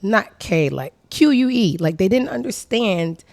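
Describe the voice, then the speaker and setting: A woman hosting her own show in a crude, sassy comedic monologue that swings from low mutters to loud outbursts. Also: animated, measured pace, creaky. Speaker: show host.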